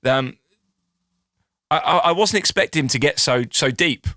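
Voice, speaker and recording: A man's voice: a little high, lively intonation, pushed and bright, dry recording, clean studio sound. A man co-hosting a casual chat, often repeating words as he gathers his thoughts. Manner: halting, repeats words while thinking. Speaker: podcast co-host and interviewer.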